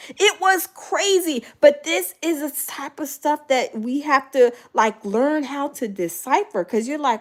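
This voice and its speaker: A middle-aged woman hosting a casual chat with live viewers, talking in an animated way, acting out other people's voices, with lots of fillers. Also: high-pitched, unhurried. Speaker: host.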